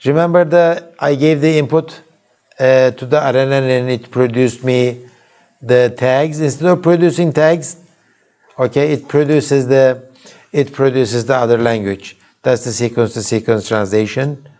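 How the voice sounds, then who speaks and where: A man's voice: medium pitch, steady tone, measured pace, a little mellow. Turkish-accented male lecturer, loose classroom talk. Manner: informal, many restarts and asides to students. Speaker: university lecturer. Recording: recorded live in a lecture hall.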